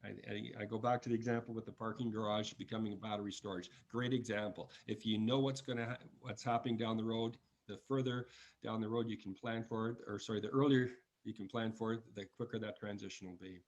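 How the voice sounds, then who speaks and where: Flat-toned low male panelist. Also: quick pace, dull audio. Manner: plain explanatory, with restarts. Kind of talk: webinar panel remarks.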